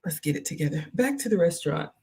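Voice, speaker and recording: A woman's voice: low-pitched, lively intonation, fast talker, gravelly, mellow, breathy edge. A woman, hosting a casual livestream, chatting, reading viewer comments aloud and laughing at herself. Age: 40s. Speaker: livestream host reviewing a restaurant.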